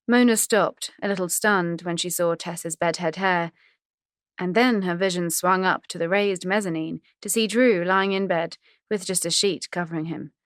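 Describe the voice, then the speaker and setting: A woman's voice: lowish voice, no room sound, studio quality. A woman reading a novel aloud in wry, conversational narration. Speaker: audiobook narrator. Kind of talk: scripted narration.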